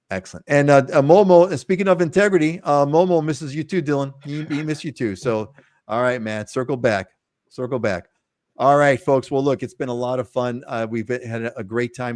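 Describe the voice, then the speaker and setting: A man's voice: mid-range voice, a little mellow, dry recording, clean studio sound. A man hosting a live real estate show, talking with enthusiasm and often repeating words as he starts his sentences. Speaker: host.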